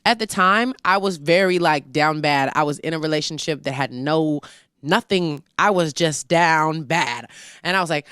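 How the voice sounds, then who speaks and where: A woman's voice: sits low, moderate pace, clear, resonant tone, no echo, clean studio sound. Young woman guest telling her story. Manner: animated storytelling, acts out her own quotes. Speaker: interview guest, singer. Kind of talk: casual interview chat.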